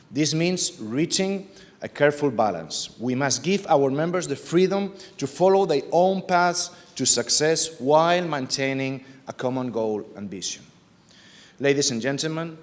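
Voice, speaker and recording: A man from Spain, giving a formal, measured political speech at a conference. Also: medium pitch. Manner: measured, deliberate, emphatic. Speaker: party official giving an opening address. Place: conference hall. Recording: long reverb of a large hall.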